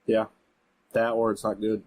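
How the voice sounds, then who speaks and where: A man co-hosting a casual podcast with a husky, slightly low voice. He stays laid-back, chiming in easily and laughing often. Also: completely flat delivery, moderate pace, darkish tone, no room sound. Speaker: podcast co-host. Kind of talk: casual chat.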